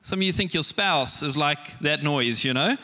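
A man preaching a sermon to his church, earnest, with emphatic pauses and soft shushing. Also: fairly high pitch, lively intonation, long reverb tail.

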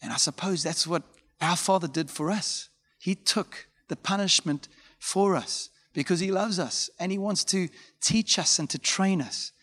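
Pastor preaching in a reverberant hall. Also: male voice, high voice, unhurried, a bit bright. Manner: informal storytelling with frequent fillers and asides. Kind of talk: conversational sermon.

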